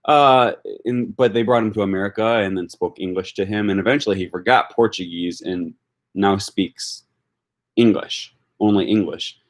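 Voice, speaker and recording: A man's voice: fairly low pitch, moderate pace. A man hosting a casual livestream about language learning, thinking aloud with many ums and answering viewer comments. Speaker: language-learning YouTuber hosting a live discussion.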